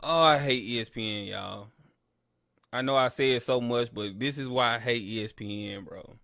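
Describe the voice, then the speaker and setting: This man's medium-pitched voice is bright and forceful with vocal fry, at normal speed, recorded dry at studio quality. He hosts a live sports listen-along, chatting casually to viewers with boastful trash talk about rivals before ranting complaints at the broadcaster.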